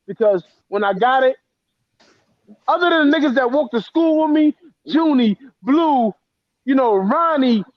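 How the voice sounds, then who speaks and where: A man with a strikingly high voice, telling his story bluntly and with heat as a guest on a talk show. The sound is dry and close, with a dull, lo-fi edge. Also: expressive, unhurried, long pauses, no room sound. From the Bronx, New York. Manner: blunt and profane, heated, emotional. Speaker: guest author. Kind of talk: casual interview storytelling.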